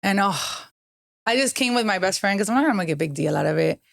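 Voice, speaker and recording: Woman, gravelly fry, dry close sound, earnest candid storytelling. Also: medium pitch, expressive, fast talker, no echo. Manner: earnest, heartfelt, many fillers. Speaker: guest, cancer survivor.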